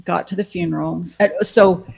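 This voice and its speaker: A middle-aged woman telling an emotional personal story in an interview, halting and restarting her sentences. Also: lowish voice, fairly even intonation, creaky, darkish tone, slightly rough, poor audio. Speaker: guest recounting a family death.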